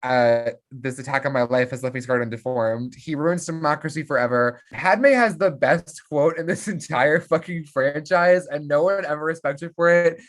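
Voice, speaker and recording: A podcast co-host recapping a film in casual chat, sitting at an ordinary middle pitch. The delivery is lively and playful. Snatches of dialogue get acted out in quick character voices.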